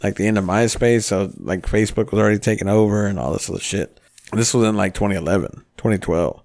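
A man in his thirties hosts a casual podcast, spinning long, rambling stories laced with swearing. His voice sits lowish and darkish, with vocal fry and a quick pace. He comes across as a profane, meandering storyteller.

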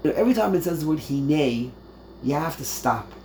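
Male Torah teacher, fairly high gravelly voice, emphatic and repetitive, echoey room with faint ambience. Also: lively intonation, brisk, darkish tone, slight background noise. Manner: emphatic, repeats phrases, rhetorical questions; mixes Hebrew terms into English. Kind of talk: verse-by-verse Torah class. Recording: roomy echo, faint ambience.

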